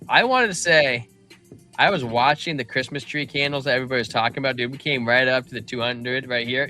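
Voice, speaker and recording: A man hosting a casual crypto livestream, running through charts in an excitable, slangy way. His voice sits at an ordinary middle pitch with a bright, forceful tone. Faint music plays underneath. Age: adult father of a young child. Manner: loose, slangy, excitable, calls listeners man and bro. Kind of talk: casual market chart commentary.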